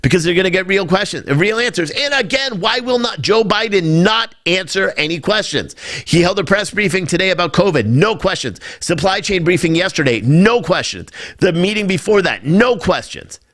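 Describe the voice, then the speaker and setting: A man's voice: high-pitched, animated, moderate pace, fairly bright tone. A man hosting a live-streamed political talk show, ranting in a loose, profane way and breaking into mocking impressions.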